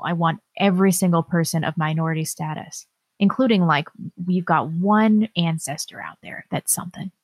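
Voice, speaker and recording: Sarcastic low-voiced woman podcast host. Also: normal speed, dry recording, clean studio sound. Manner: sarcastic, reads listener comments aloud. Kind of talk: casual political chat.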